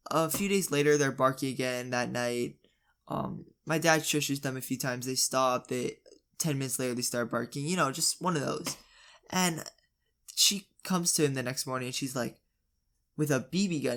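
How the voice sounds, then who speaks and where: A teenage vlogger telling a storytime tale in a chatty, exaggerated way with quick asides. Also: medium pitch, a bit bright. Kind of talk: storytime narration.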